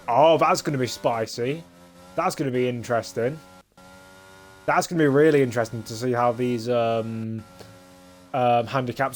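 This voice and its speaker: A young man casually commentating a sim racing stream, rambling with lots of filler and cheeky, crude jokes. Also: mid-range voice.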